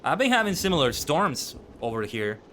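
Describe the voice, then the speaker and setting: A man's voice: a little high, big pitch swings, normal speed, sharp tone, slight background noise. A man giving casual, chatty commentary while playing a game, sometimes stumbling over his words. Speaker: streamer. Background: game music.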